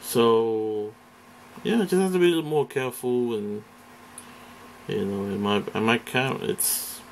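A man's voice: mid-range voice, measured pace, a little hiss or hum. A man from Britain ranting in a casual vlog, profane and rambling, hesitating often. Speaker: vlogger. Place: indoors, face off camera.

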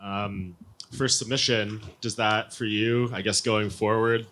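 A man asking press conference questions casually, with halting phrasing and lots of "like". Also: fairly low pitch, steady tone, fairly bright tone.

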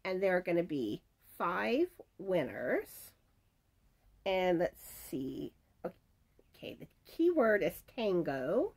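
Chatting casually, a crochet channel host reads out giveaway winners and their comments, stumbling over names. Her lowish voice is gravelly and a little mellow, with big pitch swings and an unhurried pace.

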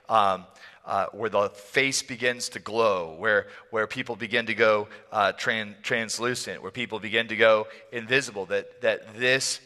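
Male pastor, sermon, animated and playful, bright forceful tone, church hall reverb. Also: on the low side. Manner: animated, playful, laughing storyteller.

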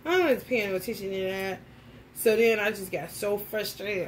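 A woman tarot reader telling a story in a casual vlog, animated and profane, often laughing. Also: fairly high pitch, normal speed, slight background noise.

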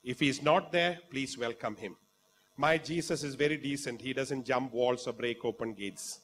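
A man with an Indian English accent preaching a sermon, fervent and dramatic, swinging from quiet talk to loud exclamations. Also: mid-range voice, moderate pace. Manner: acts out quoted voices in the story.

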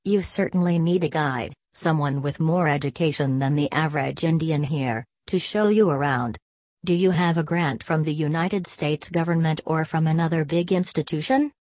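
Woman reading a greedy middle-aged hustler: low, smooth, salesman pitch. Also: moderate pace, darkish tone, no echo, studio quality, close to an everyday voice. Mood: smooth, persuasive. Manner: direct, salesman-like.

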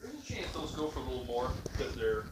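A man's voice: mid-range voice, big pitch swings, quick pace. A man joining the unboxing off to the side, tossing in dry, joking remarks. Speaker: co-host helper. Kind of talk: casual banter. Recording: noisy background.

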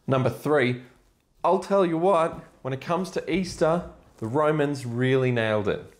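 A middle-aged man and father telling dad jokes deadpan, groaning at them himself. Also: mid-range voice, moderate pace. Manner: self-deprecating, groaning at his own jokes.

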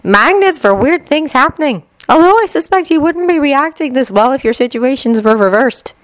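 A brusque young woman with a fiery streak speaks in a raised, lively voice that snaps out each line, as a woman reads her for a storybook. The sound is close and dry. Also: sits high, moderate pace, no echo, voice pushed up. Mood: gruff. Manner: brusque and sharp.

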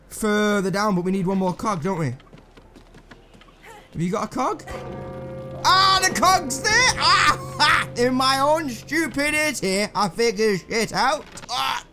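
A young man chatters through a puzzle game, high-voiced and swinging widely in pitch. He swears freely, mocks his own mistakes and talks back to the characters on screen. Faint game music plays underneath. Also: sharp tone. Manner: swearing, self-mocking, talks to himself and the characters. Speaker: gameplay commentator. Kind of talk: casual let's-play commentary.

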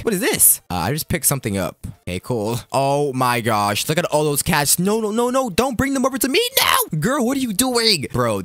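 A young man commentating his own gameplay in a jokey, excitable, slangy way, with sudden high yelps. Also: no room sound. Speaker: gaming YouTuber. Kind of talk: game commentary.

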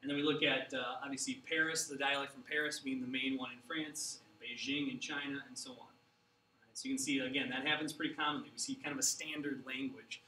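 Chatty teacher in an echoey room. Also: male voice, medium pitch, fairly even intonation, a little fast, sharp tone, distant mic. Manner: casual, chatty, with fillers and restarts. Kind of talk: classroom lecture over slides.

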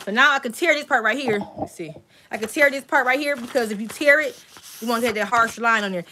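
A woman hosting a casual live-stream crafting tutorial, chatty and excitable, talking straight to her viewers. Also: sits high, brisk, slight background noise. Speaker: crafting channel host.

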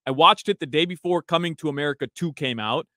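A man's voice: a little high, fast, bright, forceful tone, no room sound, studio quality. A man on a radio show telling stories in casual chat, laughing often. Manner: chatty storyteller, laughs often.

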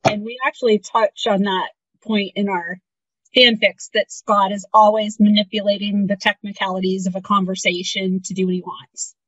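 A woman's voice: medium pitch, flat delivery, normal speed, a bit bright, no room sound. A woman co-hosting a casual fan podcast, giving incredulous, exasperated commentary. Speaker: podcast co-host. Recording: dry, dull lo-fi audio.

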